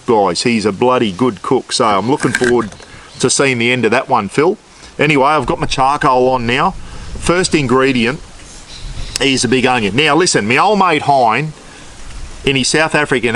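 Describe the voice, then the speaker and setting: A man's voice: medium pitch, a bit bright, slight background noise. An Australian man chatting casually while cooking outdoors in his backyard, laid-back and with mild swearing. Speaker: cooking vlogger.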